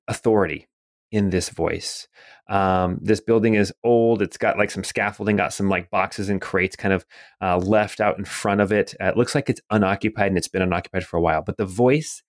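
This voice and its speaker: A man narrating a tabletop game as game master, relaxed, with many fillers. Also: on the low side, dry recording, studio quality.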